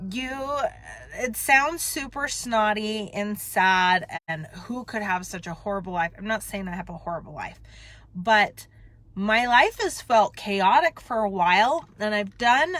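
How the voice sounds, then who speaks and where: A woman's voice: mid-range voice, fairly bright tone, no echo. Emotional woman vlogging from her car. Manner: emotional, rambling, self-interrupting. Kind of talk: candid confessional chat. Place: parked car.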